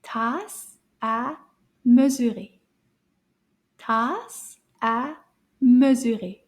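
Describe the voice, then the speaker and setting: A woman teaching children a beginner French lesson, cheerful and encouraging, repeating words slowly and clearly, with occasional hushed whispers. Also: fairly high pitch. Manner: drops into hushed whispers for surprises.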